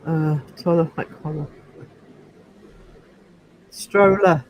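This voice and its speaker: A man's voice: high-pitched, a little slow, a little hiss or hum, low-quality recording. A man with a Northeast English accent, hosting a casual livestream and chatting to viewers in a rambling, teasing way. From England. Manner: chatty and rambling, teasing the chat with frequent fillers. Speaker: livestream host. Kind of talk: casual livestream chat answering viewer comments.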